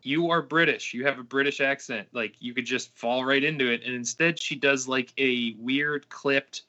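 A man with a bright, forceful voice argues his point in a podcast about movies. He sounds emphatic and exasperated. The recording is a bit lo-fi. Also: mid-range voice, normal speed. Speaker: podcast co-host. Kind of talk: casual movie review chat.

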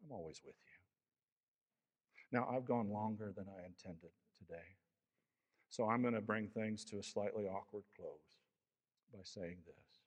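A man's voice: fairly low pitch, a little slow, long reverb tail. A man preaching a sermon as pastor, with an impassioned, rising and falling delivery. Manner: impassioned preaching, voicing Elijah's lament.

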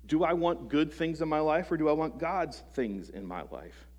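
A man preaching a sermon to a congregation. He is earnest, asks them rhetorical questions, restarts phrases often and lets his sentences trail off softly. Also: fairly high pitch. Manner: halting restarts, soft trailing phrase ends. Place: church service before a congregation.

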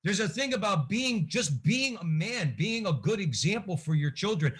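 A man's voice: high-pitched, animated, moderate pace, fairly bright tone, slightly rough. A man hosting a podcast, speaking earnestly and urging listeners to act. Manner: earnest, exhorting. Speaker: podcast host. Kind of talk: earnest interview talk.

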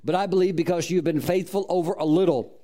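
A man with a fairly high voice preaches through a folksy story. His delivery is animated and loose, full of restarts, and he breaks out in laughter and whoops along the way. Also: fast. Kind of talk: storytelling sermon.

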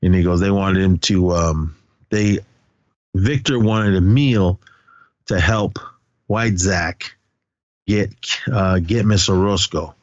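A low-voiced man co-hosts a podcast, taking his time with long pauses as he casually recaps a movie's scenes. He quotes plenty of lines and uses lots of fillers. The recording is dry, with no echo, and its highs are cut off.

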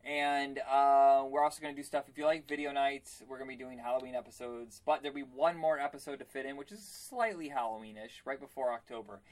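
A man's voice: medium pitch, fairly quick, few pauses. A man co-hosting a casual chat podcast, rambling with lots of fillers and poking fun at himself. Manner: rambling, self-deprecating, many fillers. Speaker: podcast co-host.

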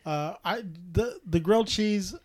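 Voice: mid-range voice, a little slow. A podcast host chatting casually with a guest, joking and teasing. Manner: teasing, relaxed banter.

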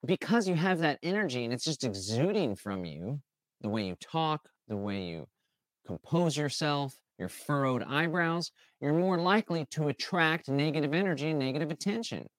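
A man hosting a motivational talk, animated and acting out imagined people's lines. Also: on the high side, moderate pace, dry recording. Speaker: host.

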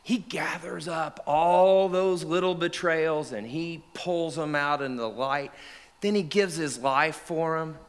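An actor playing the apostle Peter, an earnest, remorseful fisherman, telling his story in the first person and swinging from hushed to shouted. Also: a little high, takes it slowly, clean tone. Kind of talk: dramatic monologue. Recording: long reverb of a large hall.

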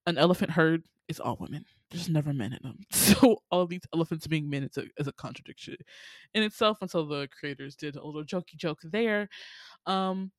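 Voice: medium pitch, fairly quick, no room sound, studio quality. A speaker casually retelling a cartoon plot in slangy, chatty speech full of fillers. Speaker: film recap host.

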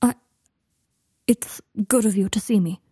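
A woman voicing a proud but fragile young wizard man in a storybook reading, with clipped, slow, dry delivery. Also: medium pitch, warm tone, breathy edge, no room sound. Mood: guarded.

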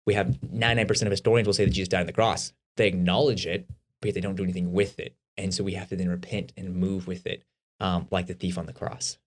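Male podcast co-host, low voice, rapid conversational delivery, casual faith discussion. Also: flat delivery. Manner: quick, conversational, explaining with everyday examples.

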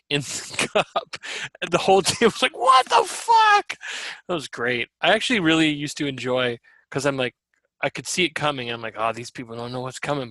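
A man co-hosting a podcast, telling stories in a loose, animated way with frequent laughs and casual swearing. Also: medium pitch, no room sound. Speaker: podcast co-host. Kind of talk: casual chat.

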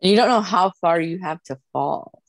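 A woman's voice: lowish voice, animated, normal speed, no room sound. A woman podcast host asking questions in casual chat, hesitant and full of "um"s. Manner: hesitant, with frequent "um"s and light laughs.

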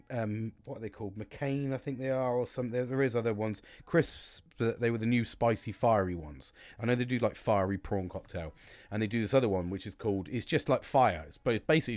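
British man, podcast host, casual rambling monologue, heavy swearing, mid-pitched voice, dry close sound. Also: a little mellow, dry recording. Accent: British English. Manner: sweary, rambling, many restarts.

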